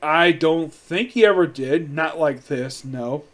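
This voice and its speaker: A man with a notably high-pitched voice talks his way through a movie review in a loose, casual way. He rambles, restarts his sentences and fills them with "like", and sounds amused by what he describes. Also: slow pace, fairly bright tone.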